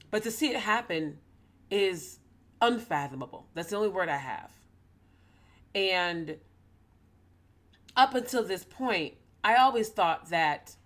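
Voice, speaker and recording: A woman speaking earnestly and emotionally, fighting back tears as she opens up to her listeners. Her voice sits a little low for a woman. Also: fairly bright tone. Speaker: ministry host. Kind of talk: personal talk to camera.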